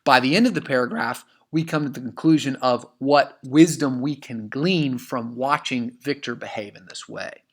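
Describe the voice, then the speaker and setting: A man's voice: mid-range voice, normal speed, hardly any pauses. A male English teacher in a recorded lesson, explaining essay writing with many fillers and restarts and reading quotations aloud punctuation and all. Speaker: high school English teacher. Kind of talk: recorded lesson walking through an essay example.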